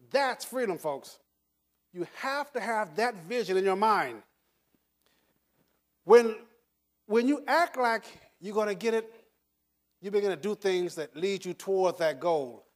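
A man's voice: sits high, animated, measured pace, pauses often. An older man giving a motivational talk to an audience, speaking emphatically, repeating words and chuckling through his stories. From United States.

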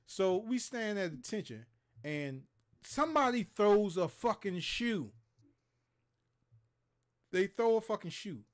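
Guy from maryland in his 30s telling cuss-filled stories on a stream, slightly high voice, jumps all over the place doing other people's lines. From Maryland, USA. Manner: profane, animated storyteller who acts out other people's lines. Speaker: co-host of a gaming talk show. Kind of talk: casual storytelling on a livestream.

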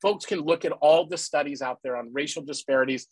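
A man speaking earnestly at a public panel, often pausing on "uh" and checking in with "right?". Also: on the high side, a little mellow, husky, no room sound, low-quality recording. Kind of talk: public talk. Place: based in the Pacific Northwest.

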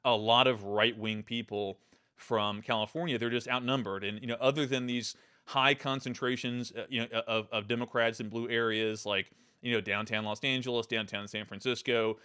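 A man's voice: mid-range voice, steady tone, normal speed, bright, forceful tone, clean tone. A man hosting his own show, talking through political commentary in an emphatic, loose way, often restarting and repeating words. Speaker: podcast host.

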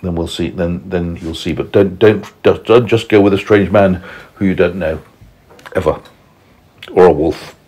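A man reading a bedtime story aloud to a small child at home, gently stopping to ask questions and teach a lesson. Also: low voice, steady tone, normal speed, slightly rough.

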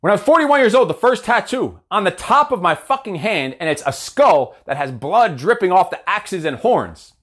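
A man's voice: high voice, sing-song, moderate pace, hardly any pauses, a bit bright. A man in his forties, a coach giving a blunt, profane, fired-up motivational talk. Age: 40s. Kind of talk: motivational monologue.

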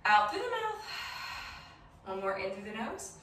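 Woman, high voice, playful encouraging yoga teacher for kids, faint background noise. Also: sing-song, measured pace, sharp tone. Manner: playful, encouraging, sing-song. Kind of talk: guided kids yoga instruction. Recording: very echoey room from a distance.

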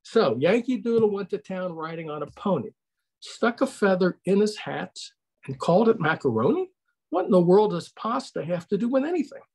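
A man's voice: high voice, very animated, moderate pace, a little mellow, slightly rough. An older man giving a conversational online history lecture over a video call, putting questions to his audience.

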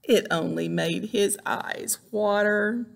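A woman reading a picture book aloud to children as a librarian, animated, exclaiming and making sound effects. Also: medium pitch, slow, vocal fry.

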